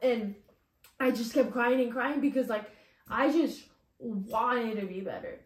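A woman's voice: fairly high pitch, a little slow. Earnest young woman in an echoey room. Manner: earnest, heavy on fillers like "like" and "you know". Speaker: testimony speaker. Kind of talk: personal faith testimony.

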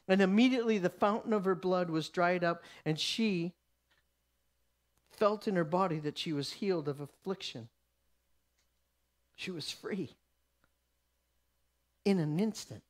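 A man's voice: sits high, a little slow, pauses often. A man teaching a sermon emphatically, often restarting his sentences. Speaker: Bible teacher.

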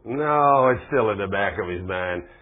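A man preaching a sermon in a folksy, conversational way, husky, pushing hard on key points. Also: fairly low pitch, expressive, measured pace. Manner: folksy, conversational preaching with plain speech and rising emphasis. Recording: phone-like, thin lo-fi recording.

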